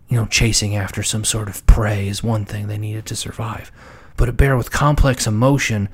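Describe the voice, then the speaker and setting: A man's voice: on the low side, gravelly, a little mellow, slightly rough. A man giving comedic commentary on a children's book, often stammering and repeating words and dropping into whispered asides. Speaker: book reviewer.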